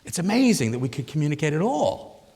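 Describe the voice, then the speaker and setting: A middle-aged man gives a lecture to a live audience in a large hall, and his voice carries a long reverb. He speaks in a somewhat high register with a lively, swooping melody. He is engaging and animated, and he acts out the thoughts he quotes. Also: quick pace, slightly rough. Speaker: psychiatrist giving an expo lecture.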